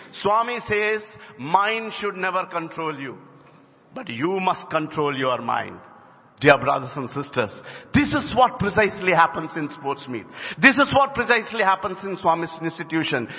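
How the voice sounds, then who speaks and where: A man's voice: high-pitched, bright, forceful tone, husky. A man, a teacher giving an inspirational talk to students, telling stories and acting out dialogue. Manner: storytelling, acts out dialogue. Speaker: teacher and speaker at a spiritual college. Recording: dull hall with long reverb.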